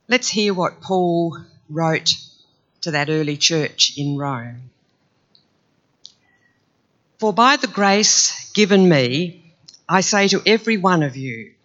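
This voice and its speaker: A man reads scripture aloud with a slightly croaky voice, pitched high and paced slowly. His delivery is measured and earnest, in the manner of a church Bible reading. The recording sounds a little dull and lo-fi. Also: a bit bright. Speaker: scripture reader.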